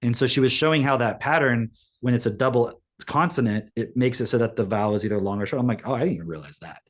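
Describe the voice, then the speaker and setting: An animated man chatting casually with a friend, his pitch in the middle for a man. He leaps upward when making a point and throws around rhetorical questions and the odd swear word. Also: quick pace. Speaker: co-host. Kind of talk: casual reaction chat.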